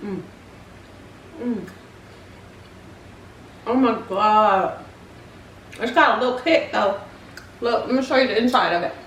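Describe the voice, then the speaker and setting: A woman's voice: fairly high pitch, animated, moderate pace, pauses often, fairly bright tone, a little hiss or hum. A woman hosting a casual home cooking vlog, chatty and exclaiming as she tastes her food in her kitchen. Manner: chatty, exclaims while tasting. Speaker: cooking channel host. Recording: roomy kitchen, mic at a distance.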